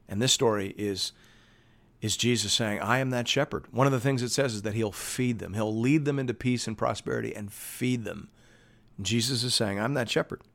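A middle-aged man preaching from the pulpit, voice of ordinary pitch for a man. He builds to emphatic peaks and then drops back, telling a scripture passage with energy. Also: fairly bright tone. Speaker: pastor. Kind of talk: sermon.

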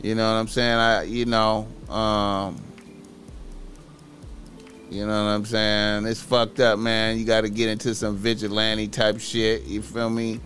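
A man's voice: lowish voice, flat delivery, unhurried, a bit bright. Rambling man streaming over faint music. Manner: rambling, repeats filler words, profane. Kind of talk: casual livestream monologue.

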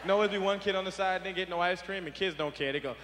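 High-voiced comedian in a big noisy hall. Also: male voice, fast. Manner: animated storytelling with kid impressions. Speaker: stand-up comedian. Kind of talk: stand-up routine. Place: large venue before a live audience.

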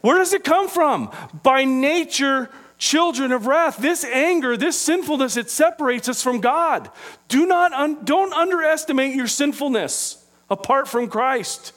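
Man, pastor, lively sermon, high voice, mains hum behind. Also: a little slow. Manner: animated preaching with acted-out impressions.

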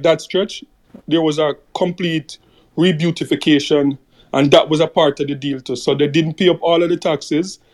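A man's voice: on the high side, a little mellow. Hesitant, rambling man. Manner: rambling and hesitant, full of "you know" and "like". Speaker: podcast co-host. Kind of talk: casual chat.

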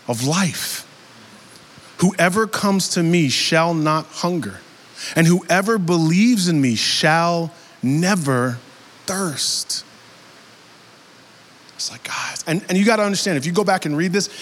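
A high-voiced male pastor preaching to his congregation in a loose, conversational style that builds to loud, emphatic peaks. His voice carries a long reverb from a large hall. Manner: casual, animated preaching, rising to emphatic. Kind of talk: sermon.

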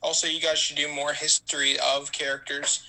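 A man's voice: on the high side, little pitch movement, moderate pace, sharp tone, slight background noise, poor audio. A man leaving a friendly, upbeat voice message for a podcast as a listener. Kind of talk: recorded voice message.

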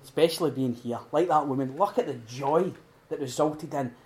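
A middle-aged man giving an earnest, heartfelt talk at a recovery retreat. He swings between loud emphasis and hushed, prayerful quiet. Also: fairly high pitch, moderate pace. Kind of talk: informal sermon talk.

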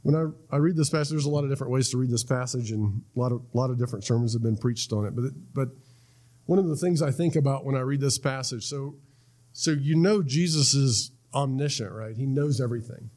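A man's voice: medium pitch, fairly quick, a little mellow. A man preaching a sermon in a conversational way, often restarting words and checking in with "right?". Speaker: pastor.

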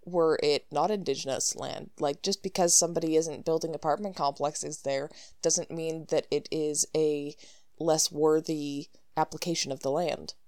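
A woman's voice: deep voice, fairly even intonation, moderate pace, darkish tone, no echo, studio quality. A woman co-hosting a podcast who chats casually and throws in jokes and sarcastic remarks. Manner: joking, sarcastic interjections. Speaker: podcast co-host.

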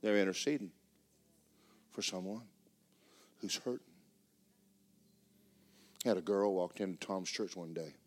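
A pastor with a fairly low voice preaches to his church. He moves from loud, excited storytelling to quiet, hushed passages. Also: unhurried, long pauses. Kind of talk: sermon. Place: church sanctuary.

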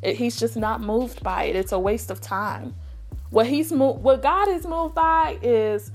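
A woman's voice: fairly high pitch, expressive, measured pace, faint music behind. A young adult woman hosting a casual faith talk, earnest and acting out her pleading prayers. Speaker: faith podcast host.

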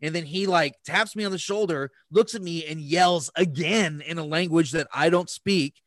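A man's voice: fairly high pitch, moderate pace, a bit bright, no echo. A man hosting a podcast, telling a story in a casual, profane way that rambles with many restarts. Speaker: podcast host.

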